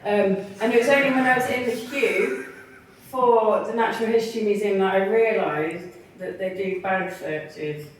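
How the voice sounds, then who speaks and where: A woman's voice: medium pitch, normal speed. A woman doing a bawdy stand-up set at a bar comedy night, laughing at her own jokes and acting out the people in her stories. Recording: echoey bar, mic heard from far.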